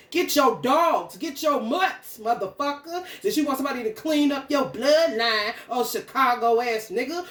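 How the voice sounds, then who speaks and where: A woman's voice: sits high, fairly bright tone, roomy sound. A woman ranting angrily, confrontational and full of swearing. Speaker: spiritual content creator. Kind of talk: profane stream-of-consciousness rant.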